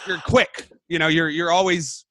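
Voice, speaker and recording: A male comedian chatting casually with a fellow comic, swearing freely and getting animated as he tells stories. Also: on the high side, normal speed. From Texas. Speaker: comedian, podcast host. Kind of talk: casual chat.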